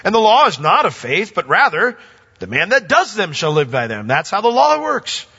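A bright-voiced man preaching a sermon, leaping up to emphatic high points and then dropping to soft, low asides. His voice rings out with a long hall reverb, heard through a dull, lo-fi recording. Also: wildly swooping pitch, moderate pace, vocal fry, breathy edge. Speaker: pastor.

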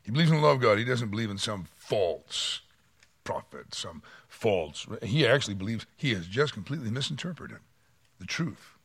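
Animated pastor preaching. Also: male voice, lowish voice, moderate pace, creaky, slightly rough, no room sound. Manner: animated, dramatic voice swings, acts out quotes. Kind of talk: sermon.

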